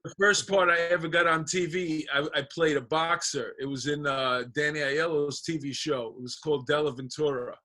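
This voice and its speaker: A man trades stories as a guest in a loose podcast chat. His voice sits a bit high for a man. He acts out every line of dialogue with heat and does not hold back on swearing. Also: moderate pace. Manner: animated storyteller acting out dialogue, profane. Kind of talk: casual chat, storytelling.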